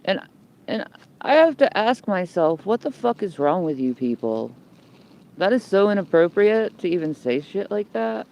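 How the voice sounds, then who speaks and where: A woman's voice: medium pitch, sing-song, moderate pace, vocal fry, darkish tone. A woman speaks into her phone from the shelter of a building's overhang outdoors. She rants in a rambling, combative way, loading her talk with swear words and repeating phrases as she goes. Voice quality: heavy swearing, blunt and combative. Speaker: livestreamer. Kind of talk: homeless livestream rant. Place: outdoors under a building in the cold. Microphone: phone held by the speaker.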